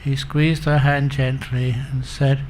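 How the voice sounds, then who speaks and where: A man's voice: medium pitch, little pitch movement, slow pace, a little mellow, a little hiss or hum. A man giving a Buddhist dharma talk, telling humorous stories and chuckling at his own jokes. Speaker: Buddhist monk teacher.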